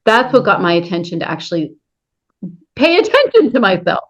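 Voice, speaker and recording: A woman's voice: medium pitch, wildly swooping pitch, fairly quick. Candid woman host, dull lo-fi sound. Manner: candid and personal, laughing easily. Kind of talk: casual conversation.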